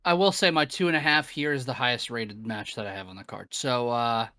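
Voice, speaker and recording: A man co-hosting a casual wrestling podcast, joking and prone to loud outbursts. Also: mid-range voice, brisk. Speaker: podcast co-host. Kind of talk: casual chat.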